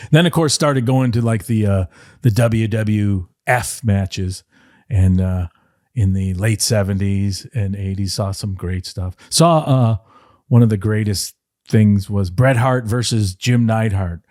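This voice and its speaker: A middle-aged man from the Detroit area, a podcast guest, telling rambling, animated stories and slipping into playful voice impressions. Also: fairly low pitch, a little slow, no room sound, studio quality. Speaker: podcast guest, former wrestling writer. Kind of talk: casual interview storytelling.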